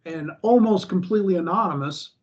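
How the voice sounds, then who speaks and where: An American man chatting casually, rambling with halting restarts. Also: sits high, a little mellow. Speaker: co-host. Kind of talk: casual chat. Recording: dull lo-fi audio.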